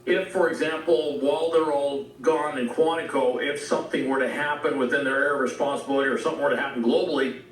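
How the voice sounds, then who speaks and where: A man explaining military command structure in a measured broadcast interview, full of military jargon. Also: mid-range voice, fairly even intonation, slight background noise. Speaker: military commentator. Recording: clip replayed, roomy and distant.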